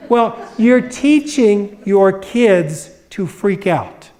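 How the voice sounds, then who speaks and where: A middle-aged man with a notably high speaking voice gives a public presentation. He speaks as an expert, telling stories and playing out the voices of the people in them. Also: slow pace, a little mellow. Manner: storytelling, acts out quoted voices. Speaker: grief expert giving a public talk.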